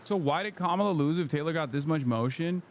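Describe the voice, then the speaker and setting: A man hosting a casual livestream, reacting with sarcastic, deadpan asides. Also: on the high side, brisk, slight background noise. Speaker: streamer host.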